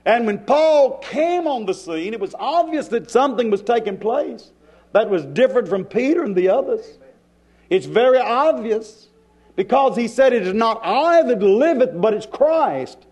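A male preacher delivering a sermon in a church, with dramatic pauses and shifts in pace. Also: very high-pitched, animated, darkish tone.

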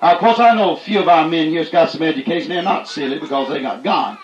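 A man preaching a fiery, folksy sermon, punctuating his points with "that's right" and rising to shouts. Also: a little high, fast talker, reverberant, muffled recording.

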